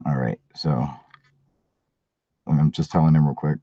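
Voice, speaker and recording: A man's voice: rumbling low, steady tone, measured pace, dark tone, breathy edge, dry recording, dull audio. Crude, profane man hosting a livestream. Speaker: channel host. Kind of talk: casual livestream chat. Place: at work.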